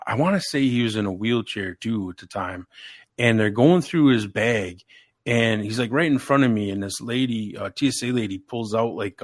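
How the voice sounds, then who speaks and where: Low-voiced man, emphatic and casual. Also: no room sound, studio quality. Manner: emphatic, animated, says "dude" a lot. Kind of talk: casual chat.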